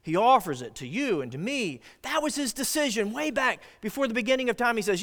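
Animated preaching man in a reverberant church. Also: extremely high pitch, a little fast, hardly any pauses. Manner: animated preaching, swinging between loud and hushed. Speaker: pastor. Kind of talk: sermon.

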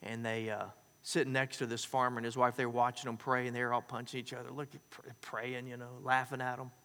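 A man preaching a sermon, folksy and joking, telling stories in an animated way. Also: mid-range voice, a little fast, long reverb tail. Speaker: pastor.

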